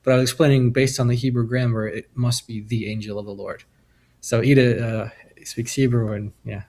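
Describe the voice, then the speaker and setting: A laid-back male co-host joining a casual stream chat, speaking in a halting way with many restarts. His voice is strongly gravelly, full of vocal fry. It also carries a husky, rough edge. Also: mid-range voice, steady tone, a little mellow.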